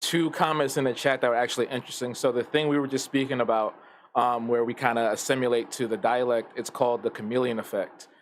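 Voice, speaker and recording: A man's voice: mid-range voice, fairly even intonation, fast talker, slight background noise. A man hosting a live stream, chatting casually and joking while hyping up his guest. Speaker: stream host. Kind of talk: casual chat.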